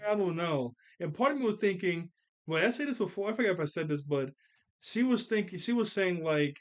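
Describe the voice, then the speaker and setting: Male cartoon reviewer, casual recap, chatty and quick to laugh. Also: sits high, expressive. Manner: chatty, laughs often, quick character quotes.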